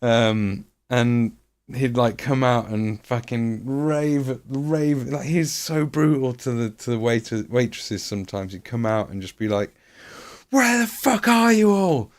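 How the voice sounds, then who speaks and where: A man's voice: medium pitch, fairly even intonation, unhurried, darkish tone. A man streaming, telling a rambling story with lots of swearing and fillers. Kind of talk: casual storytelling.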